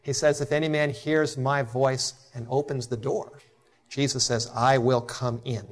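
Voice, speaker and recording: A middle-aged man preaching a sermon, impassioned, rising to emphatic peaks and then dropping soft, telling stories with acted quotes. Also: medium pitch, steady tone, measured pace.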